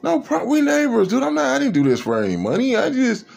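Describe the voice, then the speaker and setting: A man doing an eager, friendly neighbor guy with a voice pushed way up high and bright. He sounds cheery and insistent, happy to help. He also gets a little louder than usual. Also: huge pitch swings, fast, gravelly, over music, heavily acted. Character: eager, friendly male neighbor offering a ride.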